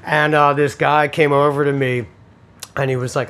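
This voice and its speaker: A man's voice: on the high side, level tone, moderate pace, fairly bright tone, a little hiss or hum. A man in his early forties telling a profane, laughing story in casual chat. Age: 40s. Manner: storytelling, swears freely, laughs often.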